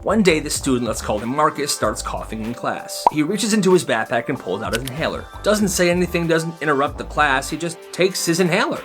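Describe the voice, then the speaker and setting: Lively man narrating storytime. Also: a little high, brisk, few pauses, music in the background. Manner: lively, casual, commenting on the stories.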